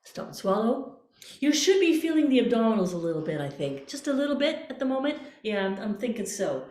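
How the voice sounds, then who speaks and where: A woman's voice: a little high, big pitch swings, fairly quick, mellow, roomy sound. A woman voice coach leading a workshop, guiding breathing exercises with playful images and encouragement. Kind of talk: online voice workshop.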